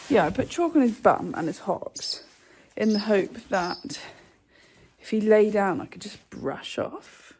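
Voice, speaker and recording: Soft-spoken woman vlogging. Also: medium pitch, big pitch swings, measured pace, slightly rough. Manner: talks softly, coos to her horses. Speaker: equestrian vlogger. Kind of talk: casual vlog chat. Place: stable yard at dawn.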